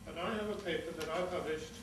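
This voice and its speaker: A man's voice: a little high, fast. An older man accepting an award and speaking earnestly from a stage, ending with an emphatic warning. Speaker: award recipient. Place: large conference hall. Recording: echoey hall from far off, noisy.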